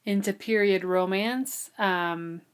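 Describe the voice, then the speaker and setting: A woman's voice: mid-range voice, slow, smooth. Giggly chatty woman podcaster. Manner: chatty, giggly, lots of ums. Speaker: podcast co-host. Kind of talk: casual chat.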